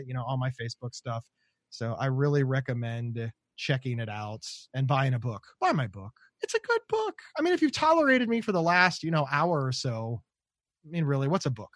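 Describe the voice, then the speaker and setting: An American man, a podcast guest and author, talking in a casual, joking and animated way as he promotes his work. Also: fairly high pitch, no echo, clean studio sound.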